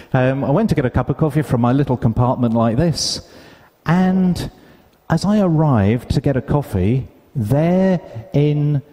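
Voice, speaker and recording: A man from the UK giving a conference talk, an animated storyteller who acts out the dialogue in his anecdotes. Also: mid-range voice. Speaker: conference speaker. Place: large conference hall. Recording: hall reverb, live stage sound.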